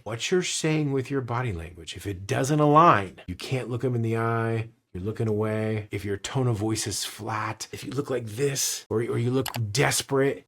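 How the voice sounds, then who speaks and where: A man teaching sales skills, talking with emphasis and acting out different tones of voice as he explains them. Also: mid-range voice. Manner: animated, emphatic, demonstrates tones with his voice. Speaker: sales trainer. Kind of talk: instructional talk to camera.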